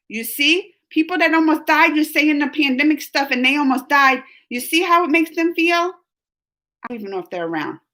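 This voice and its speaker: Chatty woman, bright voice. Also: high-pitched. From New Orleans, USA. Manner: chatty, rambling, laughs often. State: a bit sick, coughing. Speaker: livestream host reading chat. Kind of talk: casual live chat.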